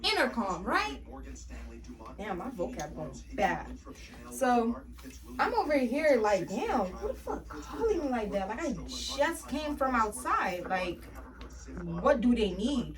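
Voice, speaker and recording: A young woman vlogger telling a casual storytime about work, animated, slangy and full of swearing. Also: a little high, slow pace, far from the mic, crowd noise.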